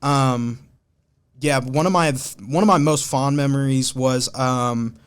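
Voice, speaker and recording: A man from Ohio, a podcast guest, telling stories in a relaxed, slangy way. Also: medium pitch, slow, clear, resonant tone. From Columbus, Ohio. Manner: laid-back, slangy storytelling. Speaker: podcast guest, hat designer. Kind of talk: casual conversation.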